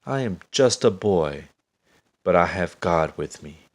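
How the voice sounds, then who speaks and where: A man's voice: deep voice, expressive, takes it slowly, full character voice. A man voicing a brave young shepherd boy who speaks earnestly and with determination in a storybook reading.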